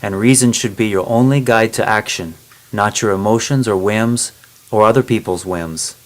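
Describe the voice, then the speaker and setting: A man's voice: on the low side, natural voice, poor audio. A man reading a firm elderly woman philosopher. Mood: firm lecturing. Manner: measured, lecturing tone.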